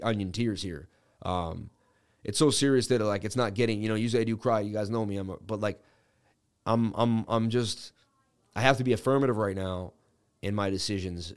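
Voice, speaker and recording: A man hosting a crypto trading livestream, talking in a halting way with many fillers and restarts, and reading news items aloud with his own comments. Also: lowish voice, clean tone. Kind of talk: casual livestream talk.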